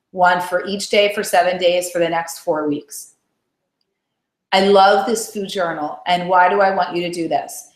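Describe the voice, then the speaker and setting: Chatty woman coaching in an echoey room. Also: lowish voice. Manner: chatty, encouraging, keeps asking "right?". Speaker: weight-loss coach. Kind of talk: motivational live coaching call. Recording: roomy echo.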